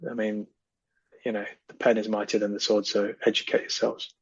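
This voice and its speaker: A man's voice: lowish voice, flat delivery, fairly quick, slightly rough, no echo. A man speaking as a podcast guest, earnest and impassioned, often repeating phrases for emphasis. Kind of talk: casual podcast conversation. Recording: slightly dull lo-fi audio.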